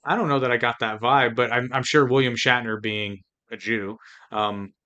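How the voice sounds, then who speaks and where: Bright-voiced man reading show notes. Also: mid-range voice, steady tone, highs cut off. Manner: measured, explanatory. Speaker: podcast co-host. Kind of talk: casual chat, reading episode notes.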